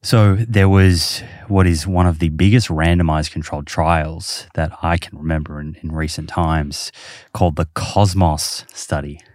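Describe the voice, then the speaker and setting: A man's voice: rumbling low, fairly even intonation, unhurried, hardly any pauses, a little mellow, no room sound, studio quality. A man hosting a podcast, explaining research casually with many fillers. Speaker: podcast host. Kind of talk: casual chat.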